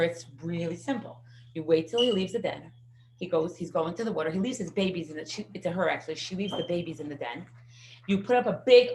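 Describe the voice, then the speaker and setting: Middle-aged woman, class teacher, lively storytelling, echoey room. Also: on the low side, a little hiss or hum. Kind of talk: parenting class lecture.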